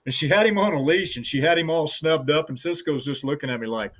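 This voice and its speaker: A man's voice: a little high, fast talker, a bit bright. A middle-aged man who guides hunts with hounds, telling a long story in an interview in a folksy, rambling way and acting out the voices of the people in it.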